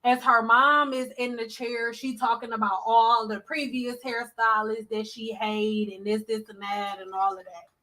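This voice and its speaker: High bright-voiced woman telling a story. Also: a little slow, few pauses, poor audio. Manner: blunt, animated, acts out quotes. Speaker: hairstylist. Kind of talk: storytime vlog.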